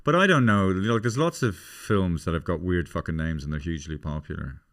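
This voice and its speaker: A man's voice: low-pitched, brisk, a bit bright. A middle-aged Irish man hosting a podcast, chatting casually and rambling through comic stories. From Ireland. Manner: rambling, slips into put-on voices for anecdotes. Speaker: podcast host. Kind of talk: casual comedic chat.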